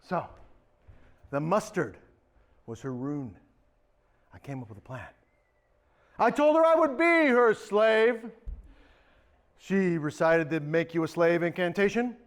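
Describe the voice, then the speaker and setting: A man's voice: sits high, measured pace, long pauses. A man performing a campy comic storytelling monologue on a theatre stage. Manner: campy, animated.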